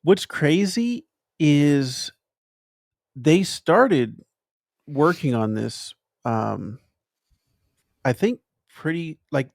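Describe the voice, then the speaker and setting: A man hosting a podcast, chatting casually through a film review and pausing thoughtfully to find his words. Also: a little high, expressive, vocal fry, dry recording, studio quality. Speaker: podcast host.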